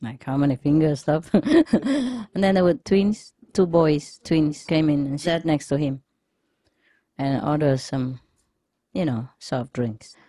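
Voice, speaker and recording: A woman's voice: deep voice, expressive, takes it slowly, dark tone, no room sound. A woman spiritual teacher telling jokes in a casual lecture, chatty and laughing often.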